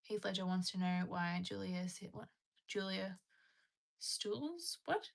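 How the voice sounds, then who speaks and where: A woman's voice: fairly low pitch, level tone, normal speed, creaky. A young woman hosting a casual livestream from home, chatting and answering viewer comments. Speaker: livestream host. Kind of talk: casual live-stream chat.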